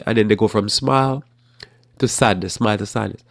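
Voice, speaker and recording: A man with a deep, gravelly voice hosts a casual religious current-events show. He rambles and restarts his sentences, delivering it all in a flat, matter-of-fact tone. The sound is close and dry. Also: brisk, no room sound. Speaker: host.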